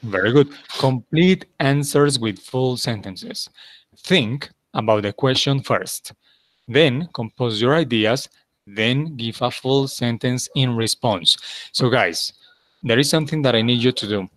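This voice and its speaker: A man's voice: mid-range voice, unhurried, a bit bright, no room sound. A man teaching an English class, patiently repeating his instructions and checking in with his students.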